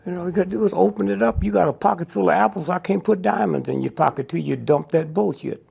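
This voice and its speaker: A gravelly, husky older man speaking. He tells stories in an interview bluntly and profanely, pressing the listener with a repeated "Huh?". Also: high voice, quick pace, darkish tone.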